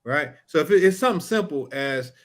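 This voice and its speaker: A man co-hosting a casual podcast, a trial lawyer sharing stories from court. His voice sits a little high for a man, and he acts out witnesses and judges as he goes, with lively swings in pitch. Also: fairly quick. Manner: animated, acts out courtroom exchanges. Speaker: podcast co-host. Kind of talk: casual storytelling chat.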